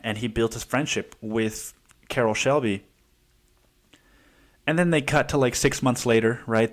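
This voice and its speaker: A man hosting a podcast in a casual, rambling monologue full of curses, fillers and restarts. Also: lowish voice. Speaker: podcast host.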